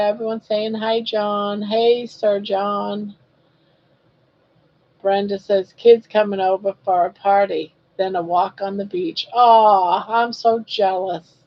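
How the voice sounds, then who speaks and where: A woman's voice: mid-range voice, muffled recording. A woman in her sixties hosting a casual live stream, chatting and reading viewer comments aloud in a teasing, friendly way. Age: 60s. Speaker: live-stream crochet host.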